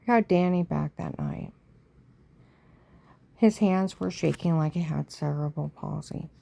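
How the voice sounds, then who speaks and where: A middle-aged woman telling her own story casually and with feeling, often sinking to a hushed near-whisper and checking in with the listener with "okay?". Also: sits low, measured pace, creaky.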